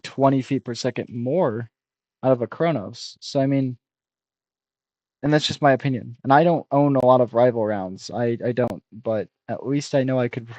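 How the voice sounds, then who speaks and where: A man's voice: medium pitch, darkish tone, no echo, highs cut off. Blunt rambling young man, dry sound. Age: 20s. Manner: blunt and self-critical, rambling with restarts. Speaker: streamer reacting to a review video. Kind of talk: casual rambling reaction commentary.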